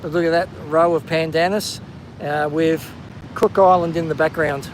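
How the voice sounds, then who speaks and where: Slightly high and fairly even in intonation, this Australian man speaks at normal speed while livestreaming from a windy coastal headland on foot. He greets viewers by name in casual chat. The recording is rough with slight background noise.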